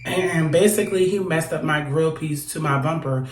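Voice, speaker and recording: A young woman telling a storytime straight to camera, animated and blunt, swearing freely. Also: low voice, normal speed, a little hiss or hum. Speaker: vlogger. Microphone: phone or camera held close. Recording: echoey room.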